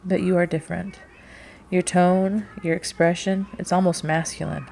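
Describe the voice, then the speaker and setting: A woman's voice: on the low side, steady tone, normal speed, gravelly, a little mellow. A woman reading the part of a guarded male sea captain who is blunt and easily exasperated in an audiobook. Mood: reflective.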